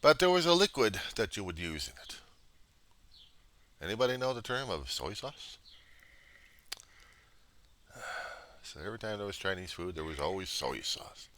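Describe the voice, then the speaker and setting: A man's voice: on the low side, sing-song, moderate pace, long pauses, a bit bright, slight background noise. A man rambling casually to camera, grumbling and meandering, sometimes dropping to a mutter. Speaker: vlogger.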